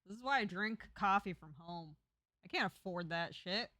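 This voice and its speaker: A woman streamer from Texas talking casually through a story game and tossing jokey asides to her chat. Her voice is bright and forward, with a close, dry sound and no echo. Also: mid-range voice, animated, moderate pace. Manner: chatty, jokey asides to viewers. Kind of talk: casual gameplay commentary, reading a story game aloud.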